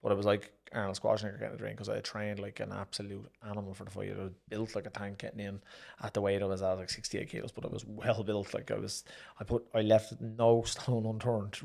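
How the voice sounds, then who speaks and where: A low, gravelly Irish man rattles through his boxing stories at speed. He talks casually and swears freely, acting out what he and others said back then. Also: a little mellow. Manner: brisk anecdotal telling, re-enacting his own exchanges, swears casually. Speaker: former pro boxer and promoter, guest. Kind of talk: casual storytelling interview.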